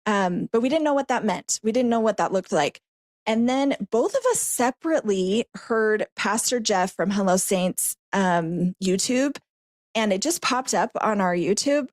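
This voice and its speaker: A woman telling a story in a casual interview, chatty and animated, laughing between phrases. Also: fairly high pitch, normal speed, no echo. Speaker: podcast co-host, guest.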